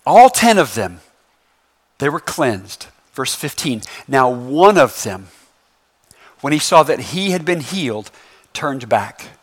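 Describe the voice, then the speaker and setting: A man's voice: mid-range voice, slow pace, pauses often, breathy edge. A man preaching a sermon in a church, in a loose, conversational way, tossing in slangy phrases and frequent "right?" checks with the congregation. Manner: lively, conversational preaching with constant "right?" asides. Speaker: pastor.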